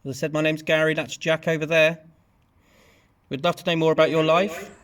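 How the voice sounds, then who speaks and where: A man working as a paranormal investigator, calling out to spirits in an abandoned building with slow, calm questions and pauses. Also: on the high side, no echo.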